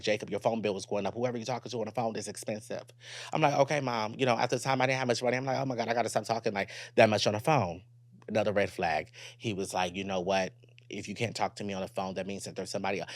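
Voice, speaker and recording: A young man hosting a solo podcast, telling a personal story in a candid, profane, animated way and talking straight to his listeners. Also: lowish voice, no echo. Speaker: podcast host.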